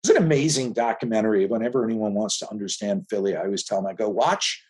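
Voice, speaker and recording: Animated man in his fifties telling stories. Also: on the low side, quick pace. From Philadelphia area. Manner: animated storytelling with frequent restarts. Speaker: filmmaker guest. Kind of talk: casual conversation.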